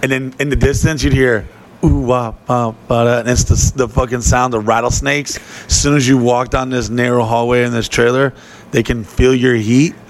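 A man telling long, profane stories in casual podcast chat, rambling and animated. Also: medium pitch, normal speed.

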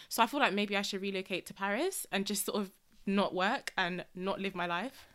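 A woman's voice: mid-range voice, fairly quick, bright, forceful tone. Playful, slangy young woman. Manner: playful, slangy, uses mate. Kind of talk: casual chat.

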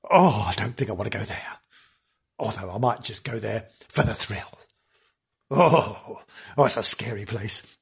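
A man's voice: medium pitch, slightly rough. A man hosting a comedy podcast, telling ghost stories in a camp, theatrical way, full of dramatic "oh"s. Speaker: podcast host. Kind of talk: comedic storytelling chat.

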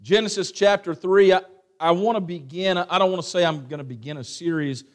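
A man's voice: sits high, a little fast. A man preaching a sermon in church, folksy and casual, reading scripture aloud with rising emphasis. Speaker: pastor. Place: church sanctuary.

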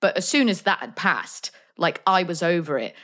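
A woman's voice: lowish voice, expressive, moderate pace, fairly bright tone. A woman co-hosting a casual film podcast, chatty and frank, with lots of "like" and fillers. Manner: chatty, frank, uses "like" a lot.

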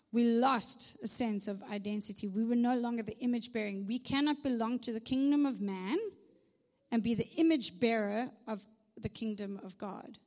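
A woman's voice: a little high, a little mellow, big-room sound. A woman preaching a conversational sermon with humorous asides, often checking in with "right?". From South Africa.

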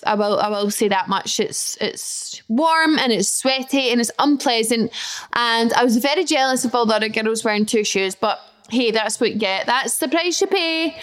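Chatty young woman podcaster. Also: fairly high pitch. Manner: chatty, animated, self-deprecating. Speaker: podcast host. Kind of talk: casual storytelling monologue. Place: her flat.

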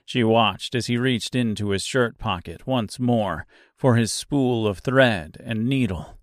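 A man narrating an audiobook in a deliberate storytelling manner. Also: mid-range voice, dry recording, studio quality.

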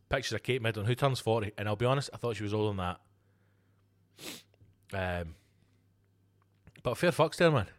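Male podcast host, foul-mouthed rant, sarcastic, loud bursts then mumbled asides. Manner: profane, sweary and sarcastic; swings from loud emphatic outbursts to low muttered asides. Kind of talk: ranting solo podcast monologue.

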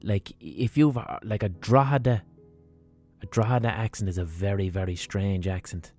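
A man's voice: on the low side, normal speed, warm tone, soft background music. A man with a Limerick accent hosting a podcast with a rambling, sweary comic monologue. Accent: Limerick, Irish. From Ireland. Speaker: podcast host.

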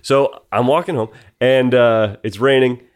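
A man's voice: medium pitch, fairly even intonation, a little slow, clear, resonant tone. A man co-hosting a podcast, telling a story in casual chat and laughing often. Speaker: podcast co-host.

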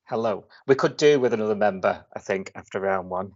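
A man's voice: lowish voice, a little fast, highs cut off. A man appearing as a podcast guest in casual banter, with a dry, understated manner.

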